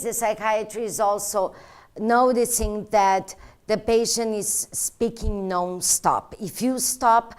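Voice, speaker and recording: A woman giving an interpreter training lesson, voice sitting in an ordinary middle pitch. She explains step by step in an earnest, plain way, and her phrasing sounds slightly non-native. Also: a little mellow, clear, resonant tone. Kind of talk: instructional talk.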